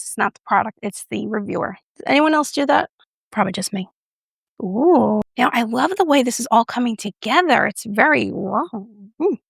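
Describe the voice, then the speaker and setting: A woman doing a casual makeup review vlog, chatty and playful, with self-mocking asides and soft whispered moments. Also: on the high side, gravelly, no echo, clean studio sound. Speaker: beauty reviewer.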